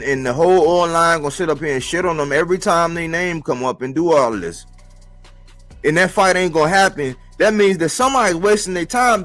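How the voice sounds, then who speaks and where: A man giving a casual, slangy boxing commentary monologue for a live stream, animated and rhetorical, repeating his points. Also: a little high. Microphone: live-stream mic.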